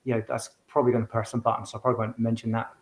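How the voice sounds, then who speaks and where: A man's voice: medium pitch, level tone, very fast, background noise. Rambling man with many restarts. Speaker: guest, medium and author. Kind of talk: casual conversation.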